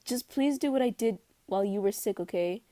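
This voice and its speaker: A woman reads a blunt, grumpy teenage girl who feels ill and grumbles her lines. The delivery is deadpan and sits at a middling pitch. The sound is dry and close. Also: brisk, dry recording, lightly acted. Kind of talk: fanfic reading.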